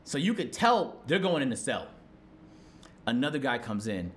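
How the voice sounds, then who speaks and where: A young man streaming live, telling a story to his chat in a profane, excitable way and acting out shouted quotes. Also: medium pitch, normal speed, slight background noise.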